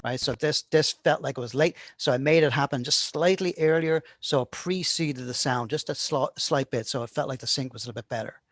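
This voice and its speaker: An animation instructor walks through how he polishes his animations in a casual screen-recorded tutorial, constantly checking in with "right?". His voice is medium-pitched and a little fast, with few pauses and no echo.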